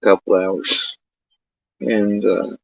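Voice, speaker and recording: A man's voice: lowish voice, flat delivery, vocal fry, dry recording. A middle-aged man livestreaming casual, meandering chat, often swearing. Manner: profane, meandering, drawn-out. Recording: dull lo-fi dry sound.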